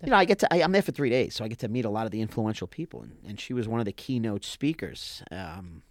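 A man with a New York accent tells a story as a podcast guest, loose and blunt, with a medium-pitched voice. The recording is dry and close. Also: expressive, fast talker, no echo. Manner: loose, blunt anecdote telling with swearing. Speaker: guest, event company founder.

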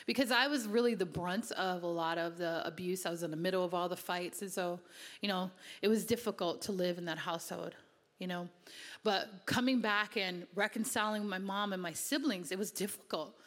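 Her voice is on the low side and fairly quick, and the recording has a big-room sound. She's a woman from Connecticut, USA, sharing an earnest, conversational personal testimony as part of a sermon, with lots of casual fillers.

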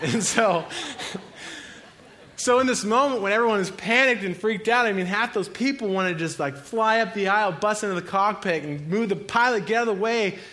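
A young male pastor preaches in a relaxed, conversational way, drifting into stories and laughing as he tells them. His voice sits a little high for a man. He acts out other people's lines in his tales. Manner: casual storytelling, laughs often, acts out voices. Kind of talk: sermon.

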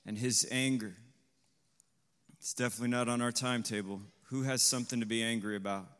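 A man preaching a sermon to a congregation. He asks the listeners questions, tags on "right?", and swells to loud, emphatic peaks. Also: mid-range voice, fairly even intonation, a little fast, smooth, in a large hall. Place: congregation hall.

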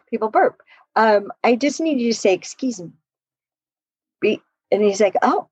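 Husky woman coaching on relationships, animated. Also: on the high side, slow, pauses often, no echo, lo-fi sound. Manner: animated storytelling, laughs often, acts out quotes. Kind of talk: podcast conversation.

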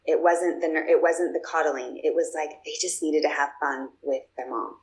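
A woman's voice: deep voice, fairly even intonation, moderate pace, rough recording. A woman guest telling personal stories in a casual, chatty way, with plenty of fillers and restarts. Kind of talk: casual storytelling.

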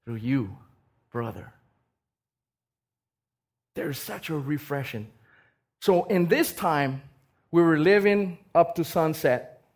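A man preaching a sermon, telling a personal story, swinging between loud bursts and soft asides and often repeating words. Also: mid-range voice.

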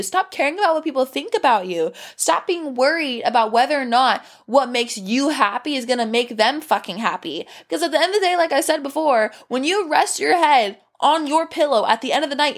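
Young woman, solo podcast host, a bit high-pitched. Casual, candid, profane, drifts off track. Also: expressive, a little fast, few pauses.

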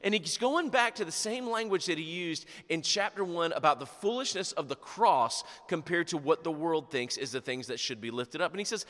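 A man pastor preaching a sermon, animated and sarcastic, acting out quotes as he goes. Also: on the high side, normal speed, hardly any pauses, long reverb tail.

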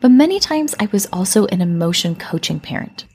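A woman hosting a parenting podcast, telling a story and explaining in a calm, reflective scripted way. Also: mid-range voice, fairly quick, husky. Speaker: podcast host.

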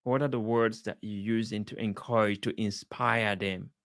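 A father speaking earnestly about the power of words, encouraging listeners with measured emphasis and repeated points. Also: on the low side, fairly even intonation, fairly bright tone, no echo, clean studio sound. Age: adult, father of a young child. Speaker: speaker sharing life advice. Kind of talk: slow inspirational talk.

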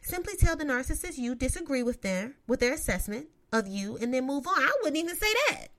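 Woman vlogger, aave, cussing and sassy, kinda high voice that jumps all over. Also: animated, brisk, a bit bright. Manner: profane, emphatic, sassy asides. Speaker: vlogger giving relationship advice. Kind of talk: casual advice monologue.

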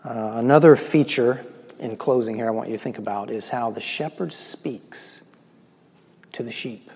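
A male pastor giving a sermon, swinging between loud emphatic lines and slow, hushed, near-whispered ones. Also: mid-range voice, breathy edge. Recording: long echo of a large hall.

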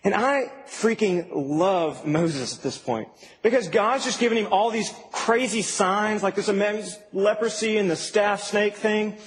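A young adult man preaching a sermon in a casual, animated, humorous way in a church hall. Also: high voice, a little slow. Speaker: pastor. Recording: reverberant hall, faint ambient noise.

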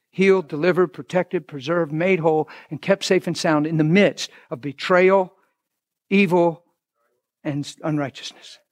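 A man preaching a sermon as pastor, fervent, swinging between shouts and hushed passages. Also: on the high side, no echo, studio quality.

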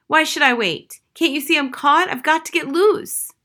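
A woman reading aloud, voicing a frightened young male crow in a raised, anxious voice. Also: moderate pace. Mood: frantic. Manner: high, loud and anxious.

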